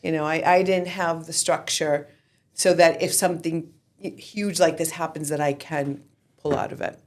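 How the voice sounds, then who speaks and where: A woman's voice: low voice, steady tone, moderate pace, a little mellow. A woman in her forties, the guest of an interview, telling her story candidly and animatedly, swearing freely. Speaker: real estate team founder, guest.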